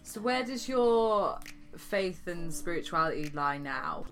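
A woman in the host seat with a fairly low voice, asking follow-up questions in a relaxed, probing way. She laughs along with her guest. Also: takes it slowly, soft background music. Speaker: interviewer. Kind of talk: casual interview.

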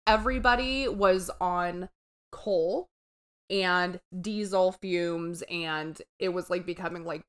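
A woman's voice: fairly low pitch, steady tone, takes it slowly, clear, resonant tone. Chatty laughing woman co-host. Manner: chatty, laughs often, many fillers. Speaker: podcast co-host. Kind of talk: casual chat.

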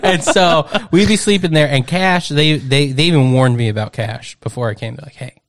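A man's voice: a little high, moderate pace. Young man telling a rambling story. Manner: rambling storyteller, repeats "no joke". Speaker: podcast co-host. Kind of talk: casual chat.

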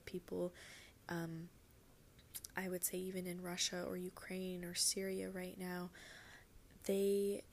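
A woman's voice: lowish voice, a little hiss or hum. A woman hosting a solo podcast from her bed, talking casually and earnestly, rambling with lots of "like" and "you know" and the odd swear word. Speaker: podcast host.

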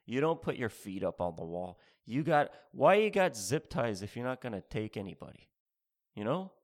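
A man doing a stand-up set with a mid-pitched, everyday voice. He rambles and repeats himself in a sarcastic tone, spelling out mock instructions as if teaching a class. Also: very animated, normal speed. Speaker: stand-up comedian. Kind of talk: stand-up routine.

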